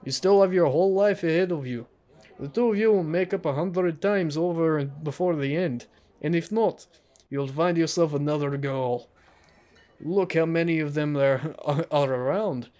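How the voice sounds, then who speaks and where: A man's voice: fairly high pitch, normal speed, a little mellow, close to an everyday voice. A man doing a chatty, encouraging bartender. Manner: encouraging, folksy. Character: friendly chatty male bartender, an immigrant. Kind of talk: reading a visual novel aloud.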